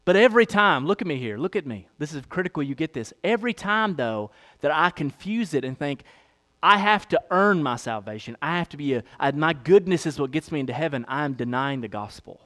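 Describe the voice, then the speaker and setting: A man in his thirties preaching a sermon as pastor, emphatic, repeating lines, calling for amens, swinging from loud emphasis to a low hush. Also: lively intonation, a little fast.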